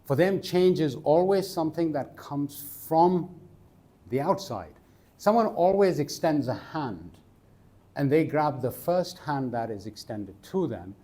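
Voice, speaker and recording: A man's voice: fairly high pitch, measured pace. A man giving a conference talk in a conversational storytelling way, asking the audience questions as he goes. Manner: animated, asks the audience questions. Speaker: conference speaker. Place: conference stage.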